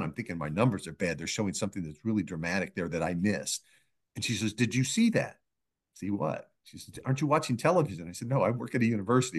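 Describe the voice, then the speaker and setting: A middle-aged man, a pollster being interviewed, telling anecdotes in a measured way and acting out the people he quotes. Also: fairly low pitch. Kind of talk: anecdotal storytelling in a podcast interview.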